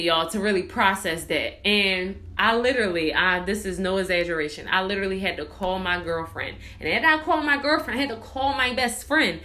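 A young woman casually telling a story to viewers, acting out both sides of a phone argument, swearing freely and calling her listeners y'all. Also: medium pitch. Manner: animated retelling, acts out both sides of a phone call.

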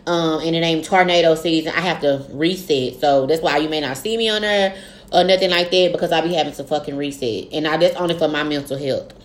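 Young woman cohost, rapid animated storyteller, swears freely, lower-set voice. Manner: fast, animated storytelling, heavy cursing. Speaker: podcast co-host. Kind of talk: casual chat.

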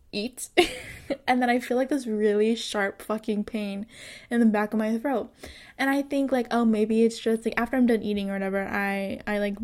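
A woman's voice: mid-range voice, darkish tone. A young woman in her twenties telling a storytime to her viewers in a casual monologue, chatty and swearing freely, with many fillers and frequent laughter. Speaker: vlogger.

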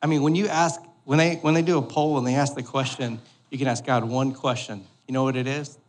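This pastor, a man in his thirties, preaches in a church hall with a steady, medium-pitched voice that runs a little fast. His style is joking and conversational, and he repeatedly asks the congregation "all right?"

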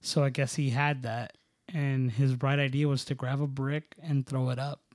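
A man's voice: medium pitch, little pitch movement, moderate pace, darkish tone, dry recording, studio quality. A man telling childhood stories in a casual chat. He rambles, restarts and fills his talk with "like", with bursts of laughter. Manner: rambling, filler-heavy, many "like"s and restarts.

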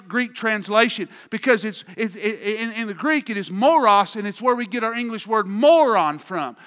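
High-voiced preaching man, big hall. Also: animated, normal speed, hardly any pauses. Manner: preaching with sudden shouted outbursts and quiet asides. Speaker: pastor. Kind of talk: sermon.

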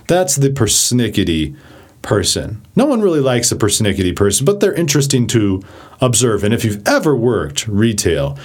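A man giving a casual vocabulary lesson, chatty and animated, who acts out examples as he explains. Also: on the low side, moderate pace. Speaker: vocabulary teacher.

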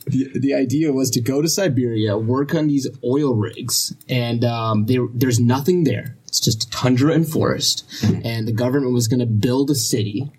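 A man's voice: medium pitch, moderate pace, darkish tone, breathy edge. A man in his thirties, born in Russia and raised in Canada, chatting easily as a podcast guest. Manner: easygoing, laughs often, many fillers. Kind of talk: casual conversation.

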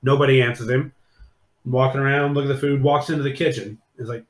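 A man hosting a podcast, retelling a scene in casual chat as an animated storyteller who swears freely. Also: mid-range voice, quick pace. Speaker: podcast host. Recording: echoey room.

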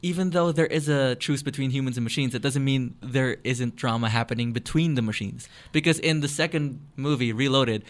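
A man's voice: mid-range voice, fairly quick, hardly any pauses. Eager man explaining at length. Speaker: podcast co-host. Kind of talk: casual podcast chat.

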